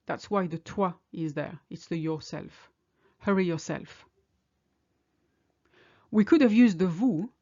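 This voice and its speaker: A woman teaching a French lesson in English, speaking clearly and slowing down to model French phrases. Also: fairly low pitch, dark tone, dull audio. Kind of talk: language lesson.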